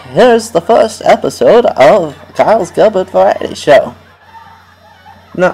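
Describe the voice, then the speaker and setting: A man's voice: a little high, a little mellow, rough recording. A man hosting a homemade comedy radio show, rambling and goofy and laughing at his own jokes. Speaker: host.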